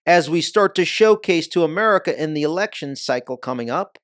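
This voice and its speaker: Podcast guest: man, slightly high voice, punchy and emphatic, dry close sound. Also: animated, fairly quick, a bit bright, dry recording. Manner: emphatic, punchy delivery with mocking nicknames. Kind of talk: casual interview talk.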